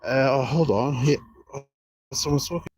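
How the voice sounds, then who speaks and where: A man chatting casually on a livestream outdoors beside an apartment building, rambling and repeating himself insistently with halting restarts. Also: mid-range voice, a little mellow, no room sound.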